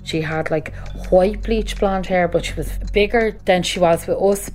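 A woman's voice: lowish voice, moderate pace, darkish tone, soft background music. A woman, speaking casually in an interview.

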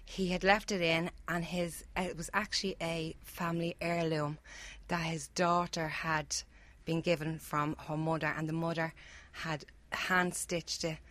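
A woman from Ireland who works at a charity shop, telling a story in an earnest, halting way. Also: low-pitched, level tone, fairly bright tone. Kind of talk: casual storytelling.

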